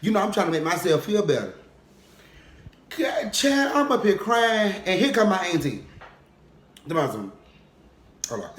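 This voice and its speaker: A young man telling a funny personal story in casual vlog style, animated and comic, often checking in with "okay?". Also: high voice, moderate pace, pauses often. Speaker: vlogger. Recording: roomy echo.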